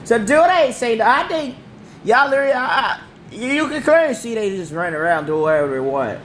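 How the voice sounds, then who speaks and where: A man's voice: very high-pitched, big pitch swings, brisk, a bit bright, slight background noise. A man with damaged vocal cords, ranting in a rambling, repetitive, slangy way. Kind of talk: casual rant to camera.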